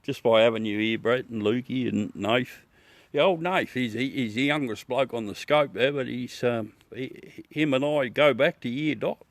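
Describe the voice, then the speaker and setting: A middle-aged Australian man hosts a livestream, chatting casually with his live viewers while laughing, joking and swearing. His voice is mid-range, his pace moderate, and the audio has no echo.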